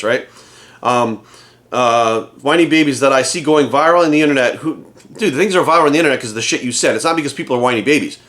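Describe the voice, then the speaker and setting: A fired-up man rants straight to camera, swearing freely and firing off rhetorical questions. His voice sits a bit higher than most men's. He talks as a fitness coach hosting his own channel. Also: a bit bright. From United States. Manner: heated, profane, rhetorical questions. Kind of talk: angry rant to camera.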